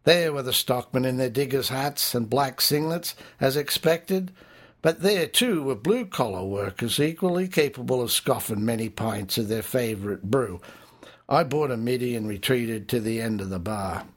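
A man's voice: medium pitch, moderate pace. Man narrating a memoir. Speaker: audiobook narrator. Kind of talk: first-person memoir narration.

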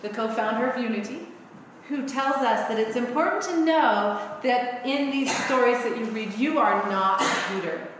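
A woman minister preaching a sermon, telling a story and teaching in an unhurried way. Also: a little high, slight background noise. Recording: echoey hall.

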